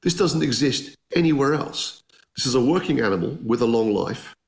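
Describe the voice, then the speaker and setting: A man's voice: medium pitch, expressive, normal speed, gravelly. A man telling anecdotes as an interview guest, enthusiastic and conversational, often restarting his sentences. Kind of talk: anecdotal storytelling.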